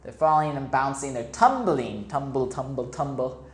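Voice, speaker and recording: A man's voice: medium pitch, normal speed. A man, an English teacher, reads a picture book aloud to young children, explaining words simply and asking them questions. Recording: echoey room.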